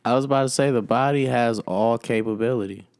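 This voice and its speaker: Young male co-host, mid-pitched, halting and musing. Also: a little mellow, dry recording. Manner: musing, halting, laughs often. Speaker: podcast co-host. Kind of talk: casual chat.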